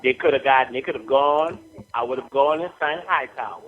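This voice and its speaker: A man's voice: mid-range voice, brisk, phone-quality sound. A man hosting a sports talk radio show, emphatic and opinionated.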